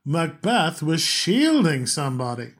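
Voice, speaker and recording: A man reading aloud, voicing a chatty, insistent American woman who loves mysteries, in a husky voice. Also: fairly high pitch, measured pace, heavily acted. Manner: insistent, animated.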